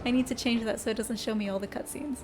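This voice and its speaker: A woman's voice: on the high side, steady tone, quick pace, over music. A woman streamer chatting casually while playing, muttering reminders to herself. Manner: chatty and self-talking, mutters instructions to herself. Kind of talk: casual gaming stream chat.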